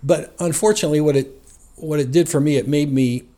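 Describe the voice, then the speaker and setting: A man's voice: on the high side, a little fast, mellow. A man from New Jersey, a guest on an interview show, relaxing into a rambling personal story with frequent chuckles. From New Jersey, USA. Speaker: guest sharing his faith story.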